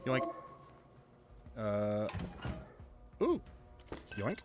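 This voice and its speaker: A man gives casual gaming commentary into a headset mic, joking and rambling. His mid-pitched voice swoops up and down a lot. Steady noise and clicking sit behind him. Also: a little slow, pauses often. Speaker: streamer. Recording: noisy with clicks.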